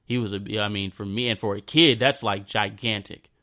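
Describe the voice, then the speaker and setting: A man in his thirties recounts a memory in an unscripted monologue. His voice sits low and sounds smooth and clear. He often restarts and repeats phrases, and sometimes drops to a soft murmur. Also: steady tone. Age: 30s. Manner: halting, repeats himself, drifts into a soft low voice. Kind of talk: personal storytelling monologue.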